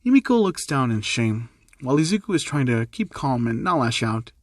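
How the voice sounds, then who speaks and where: A man narrates an amateur fan story in a plain, repetitive way, at a middling pitch. His voice sounds dry and close, with no room echo. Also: sing-song, brisk.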